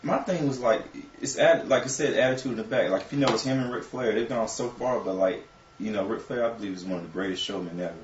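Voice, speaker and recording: Male guest, earnest and rambling, quick speech, picked up far off with faint background noise. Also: medium pitch. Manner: earnest, filler-heavy, repeating words. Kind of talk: casual chat. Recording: roomy, distant, muffled live-stream audio with faint noise.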